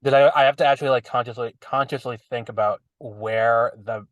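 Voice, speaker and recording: A young man with a slight lisp talks on a podcast in a teasing, rambling way. His voice sits in a middle pitch, and the sound is close and dry. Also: fairly even intonation, brisk, dry recording. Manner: teasing, rambling, laughs often. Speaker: podcast co-host. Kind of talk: casual chat.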